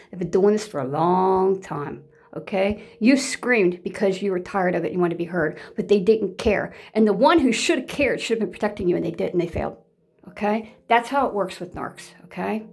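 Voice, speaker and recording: A woman speaks to her viewers in a casual, unscripted monologue. She is blunt and emphatic, hammers points home by repeating them, and swears without hesitation. Her voice sits at a middling pitch. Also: brisk, vocal fry, breathy edge.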